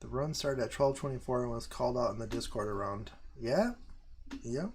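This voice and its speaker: Profane, rambling American livestream host. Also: male voice, medium pitch, normal speed, a little hiss or hum. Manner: profane, rambling, loud outbursts. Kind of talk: casual livestream chat.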